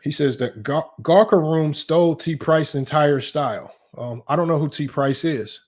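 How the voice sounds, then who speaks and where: A man hosting a sports debate livestream, talking brashly and teasing his chat in quick casual commentary. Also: a little high, a little mellow. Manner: brash, rapid, teasing, talks straight to chat. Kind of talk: casual live-stream commentary.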